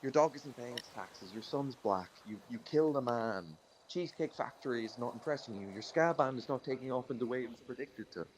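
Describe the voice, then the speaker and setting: A man's voice: medium pitch, brisk, few pauses, slight background noise, lightly acted, poor audio. A man playing a polite, flustered doctor who stammers and apologizes.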